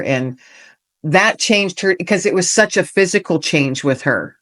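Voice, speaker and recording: A woman's voice: on the low side, animated, measured pace, a bit bright. Earnest woman telling a heartfelt story. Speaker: podcast guest, author and veteran. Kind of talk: storytelling in a podcast interview.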